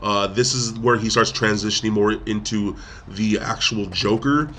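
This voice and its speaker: A man's voice: fairly low pitch, steady tone, normal speed, fairly bright tone, a little hiss or hum. A man co-hosting a podcast, casually retelling a film's plot with lots of fillers and restarts. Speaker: podcast co-host. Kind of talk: casual film review chat.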